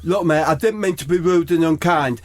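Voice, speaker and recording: A man's voice: fairly high pitch, moderate pace, pitched above the performer's own voice, natural voice. A man voicing a smug, easily upset young footballer who talks in a prim, sing-song way. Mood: prissy huffy.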